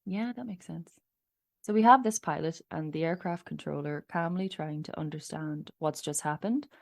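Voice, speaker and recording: A woman's voice: deep voice, normal speed, creaky. A woman co-hosting a podcast, reading out a story and laughing easily. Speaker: podcast co-host. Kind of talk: casual chat and scripted narration.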